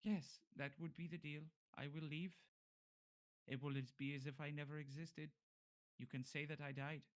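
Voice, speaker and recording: A man's voice: fairly high pitch, level tone, normal speed, voice pushed up, lightly acted. A man voicing a cautious male fugitive in a tabletop game, speaking stiffly and formally without contractions. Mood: urgent.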